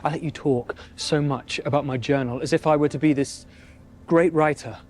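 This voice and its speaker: An actor playing a wounded, insecure young Regency gentleman who speaks in a stiff, trembling way in period drama dialogue. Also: fairly high pitch, fairly even intonation, normal speed, close to an everyday voice. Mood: hurt. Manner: trembling, stiff hurt delivery.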